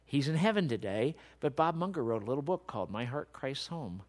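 Man preaching, goes quiet and low then gets loud and worked up, voice jumps around a lot. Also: sing-song, a little fast. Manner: swings from soft and low to loud, emphatic peaks. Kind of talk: sermon.

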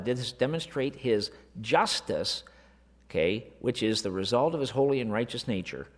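A man preaching a sermon, moving from quiet asides to slow, emphatic declarations. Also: mid-range voice. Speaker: pastor. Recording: long reverb of a large hall.

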